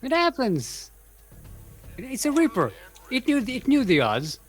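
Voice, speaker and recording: A man's voice: very high-pitched, huge pitch swings, moderate pace, faint music behind. A man casting a live strategy-game match with a playful, joking manner. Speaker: esports caster.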